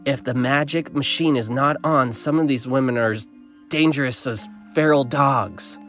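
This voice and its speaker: A man's voice: mid-range voice, moderate pace, faint music behind, natural voice. A man doing a wary older woman guide. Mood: hushed warning. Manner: urgent hushed warnings.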